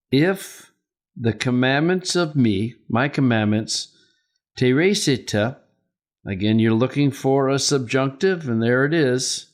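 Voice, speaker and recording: A man's voice: medium pitch, slow. An older man teaching a Greek lesson, explaining the grammar step by step and asking rhetorical questions. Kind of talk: slow, deliberate Greek lesson.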